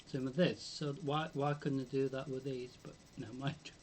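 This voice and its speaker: A man's voice: medium pitch, flat delivery, normal speed, darkish tone, slight background noise. A British man commentating his own game on a live stream, musing aloud with many hums and ums.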